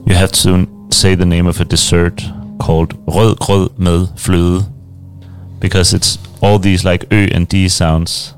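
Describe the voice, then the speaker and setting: A man from Denmark chatting casually as a co-host on a community radio show, relaxed and quick to laugh. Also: deep voice, faint music behind. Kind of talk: casual chat.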